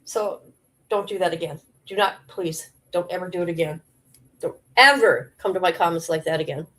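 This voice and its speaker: A woman's voice: fairly low pitch, normal speed, fairly bright tone. A woman streamer delivering a confrontational, rambling rant to her viewers, full of fillers and repeated challenges. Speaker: live streamer. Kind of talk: ranting live stream monologue.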